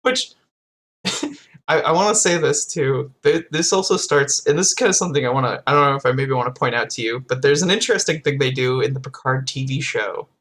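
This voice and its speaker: A young man co-hosting a podcast in casual chat, animated, acting out quotes and laughing often. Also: mid-range voice, brisk. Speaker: podcast co-host.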